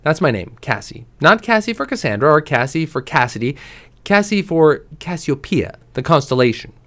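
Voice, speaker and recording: A man reading a novel aloud to his stream, giving quoted lines lively voices and dropping soft and low on the quiet ones. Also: moderate pace. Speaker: reader.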